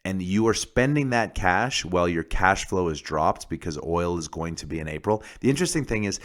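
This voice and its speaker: A man with a very low voice talking on a casual podcast. He is blunt and swears freely, running on with fillers and quick restarts. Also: animated. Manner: blunt, profane, fast-talking with many "like"s and restarts. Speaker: podcast host, oil industry commentator.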